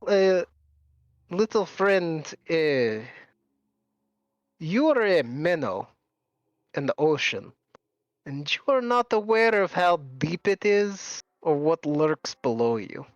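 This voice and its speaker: A man voicing an ancient male demon who talks down to a small opponent in a slow, lofty way. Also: on the high side, very animated, no echo, highs cut off, heavily acted. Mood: condescending.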